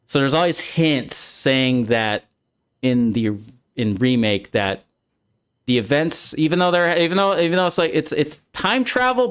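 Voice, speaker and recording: A man's voice: medium pitch, smooth. A man streaming a casual discussion, rambling through his explanation with many restarts. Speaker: streamer, host.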